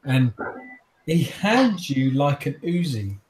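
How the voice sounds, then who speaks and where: A man's voice: medium pitch, very animated, slow pace, a little mellow. A man running a tabletop game as game master, describing scenes with frequent fillers. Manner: descriptive, laughs often, hesitant fillers.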